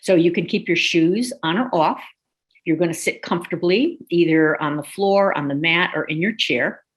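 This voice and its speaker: A woman teaching a yoga class, guiding breathing, stretches and a visualization with calm, slow cues. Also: lowish voice. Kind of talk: guided yoga and meditation instruction.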